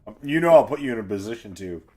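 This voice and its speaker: A man's voice: fairly low pitch, racing. A man streaming a game and chatting casually with friends, telling stories with lots of energy and laughter. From United States. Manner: animated, laughing storyteller.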